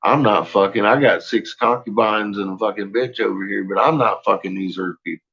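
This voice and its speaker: A grumpy, jealous male god, as a man puts him on who grumbles in a profane, whiny way. The voice is low, gravelly and a bit husky. The recording is dull and lo-fi. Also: fairly quick, a bit bright. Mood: grumbling.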